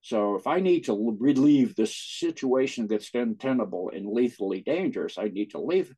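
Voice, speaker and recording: A man, an interview guest, telling personal stories in casual talk, with a husky voice and frequent laughs. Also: mid-range voice, animated, moderate pace, mellow, low-quality recording. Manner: laughs often while recounting.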